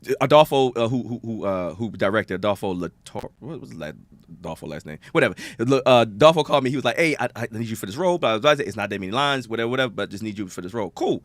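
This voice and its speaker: A man's voice: lowish voice, very fast, no room sound. A man from Jamaica, a guest on a podcast, telling stories casually and acting out the people he quotes. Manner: animated storyteller, acts out quotes. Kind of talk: casual chat.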